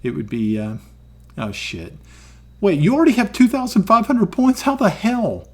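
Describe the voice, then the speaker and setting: A Southern American man runs a tabletop game on his stream and chats between sessions. His voice sits a little high and bounces all over the place. He laughs often and swears casually. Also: big pitch swings, normal speed, a little mellow, slightly rough. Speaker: dungeon master and streamer.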